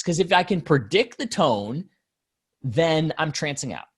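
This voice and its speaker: A man's voice: a little high, unhurried, breathy edge. A man who coaches public speaking, giving casual advice as a guest and acting out shifts in volume and pace as he explains. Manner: animated, demonstrates changes in volume and pace.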